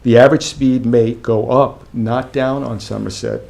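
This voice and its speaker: A man with a gravelly, creaky voice at mid pitch reads his prepared public comment at a village board meeting. He keeps it firm and factual. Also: fairly even intonation, normal speed, dark tone. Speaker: resident speaking at public comment.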